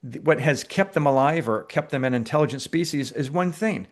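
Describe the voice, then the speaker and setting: A filmmaker being interviewed, telling stories in a lively, conversational way with frequent fillers and restarts. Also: male voice, on the high side, a little fast, hardly any pauses. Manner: animated storyteller, many restarts and fillers. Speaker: filmmaker guest.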